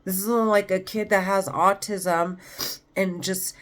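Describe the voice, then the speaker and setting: A woman's voice: mid-range voice, fairly even intonation, slow pace, fairly bright tone. A woman talking straight to camera in a rambling, agitated monologue, swearing often. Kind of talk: monologue vlog.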